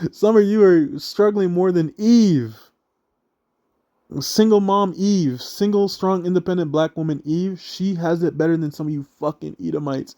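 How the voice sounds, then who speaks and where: A man's voice: a little high, warm tone. A young man rambling through a casual, profane rant, often tagging "right?" and laughing at his own remarks. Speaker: online religious commentator.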